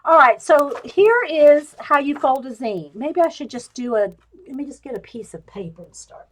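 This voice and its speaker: A woman's voice: high-pitched, animated, normal speed. A woman hosting a casual show-and-tell live stream from her craft table at home, rambling and chatting straight to her viewers over a webcam. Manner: rambling, wanders off topic.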